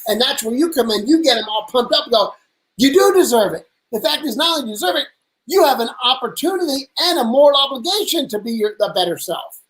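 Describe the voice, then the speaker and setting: A man hosting a casual lunch conversation, an energetic storyteller who acts out the people he quotes in animated voices. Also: very high-pitched, fast talker, low-quality recording. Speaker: host. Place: at a lunch table.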